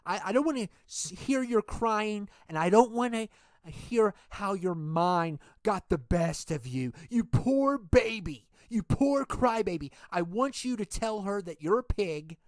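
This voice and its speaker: A man playing a menacing leader of a villainous wrestling group in a game role-play, taunting with slow, drawn-out threats. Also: high-pitched, lively intonation, no room sound, clean studio sound.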